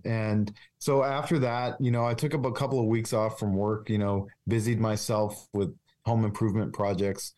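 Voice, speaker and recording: A man with a somewhat low voice speaks as a guest in a candid interview. His delivery is earnest and confessional. He halts often, restarting phrases and leaning on fillers. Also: fairly even intonation, a little mellow. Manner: halting, with many restarts and fillers. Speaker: police officer, podcast guest.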